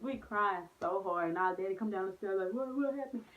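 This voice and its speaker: Speaking at a medium pitch and a little fast, a young vlogger tells animated stories in a casual chat, sprinkling in slang and plenty of "like"s. The sound is narrow, as if captured on a phone.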